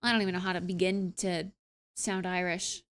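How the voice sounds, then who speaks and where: A woman's voice: on the low side, level tone, moderate pace, clean tone. A young woman streamer wrapping up her live stream in casual, rambling chat, with lots of filler sounds and playful asides. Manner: playful, tries out accents.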